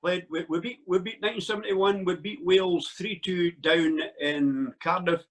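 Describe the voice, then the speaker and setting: A man's voice: high-pitched, normal speed. A man, a former goalkeeper, looking back proudly on his playing days in casual chat. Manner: proud, reflective. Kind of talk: casual reminiscing.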